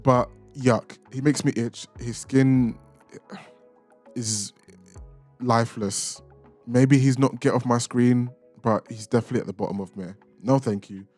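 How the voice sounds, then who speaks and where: A man's voice: medium pitch, fairly even intonation, measured pace, darkish tone, faint music behind. A young man hosting a reaction channel, casually ranking film characters with playful, opinionated jabs. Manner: chatty, opinionated, playfully insulting.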